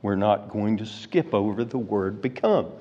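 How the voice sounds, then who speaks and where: A man preaching an expository sermon, slow and deliberate, rising to fervent emphasis. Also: lowish voice, lively intonation, warm tone. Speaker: pastor. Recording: reverberant hall, dull lo-fi sound.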